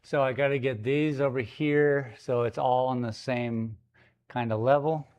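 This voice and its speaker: A man talks casually on a live stream as he paints in a gallery studio. His delivery is slow and unhurried, loose and playful, and he breaks off now and then to tease his puppy. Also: mid-range voice, fairly even intonation, darkish tone, dull audio.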